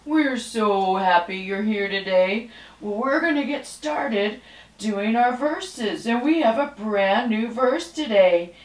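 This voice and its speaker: A woman teaching a children's Bible lesson, speaking slowly and clearly as she leads the kids in reciting together. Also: fairly high pitch. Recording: roomy echo.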